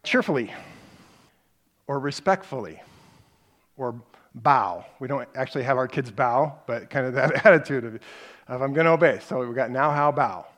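A middle-aged man with a medium-pitched, slightly bright voice teaches a parenting class, telling stories conversationally. He hammers his main points through repetition and acts out quick snippets of parent and child lines.

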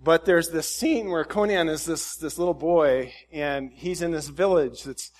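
A man's voice: a little high, measured pace. Folksy man preaching a casual sermon. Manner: relaxed, folksy, with frequent fillers and restarts. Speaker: pastor. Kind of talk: conversational sermon.

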